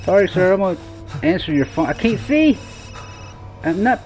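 A young gaming YouTuber plays a horror game in let's-play style, his voice high, sing-song, and darkish in tone at a moderate pace, with faint music behind him. Jumpy and exclaiming, he addresses his viewers as Wolfpack.

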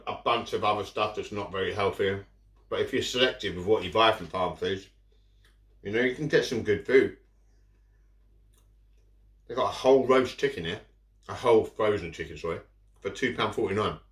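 Man, food vlogger, talks with mouth full, fairly low voice, roomy echo. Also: a bit bright. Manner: rambling, chatty, eating and talking with mouth full. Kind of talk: casual eating vlog chat. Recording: echoey room. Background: cutlery and dishes.

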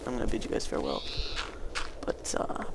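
A man's voice: brisk, a little hiss or hum. A young man rambling through casual gameplay commentary, hesitant, with many fillers and restarts. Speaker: gaming YouTuber.

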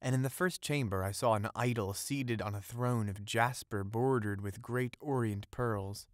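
A man narrating an audiobook of a classic fairy tale, in a steady, ornate storytelling read on a close mic. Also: mid-range voice, moderate pace, dry recording.

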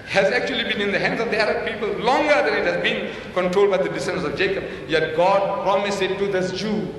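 A man's voice: high-pitched, a bit bright, recorded from a distance, a little hiss or hum. A man speaking in a public debate, sarcastically quoting and mocking his opponent with fiery rhetorical questions. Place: large lecture hall. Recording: very echoey hall recorded from afar.

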